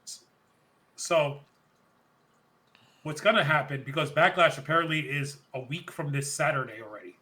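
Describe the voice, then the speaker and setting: A man co-hosting a podcast, recapping in casual chat with animated retellings, quick quoted bits and frequent laughter. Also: a little high, rough recording. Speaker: podcast co-host.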